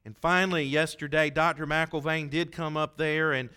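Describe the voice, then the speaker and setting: Forceful, resonant male pastor. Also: a little high, level tone, normal speed, clean tone. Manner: conversational, folksy, acts out quoted voices. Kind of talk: sermon storytelling.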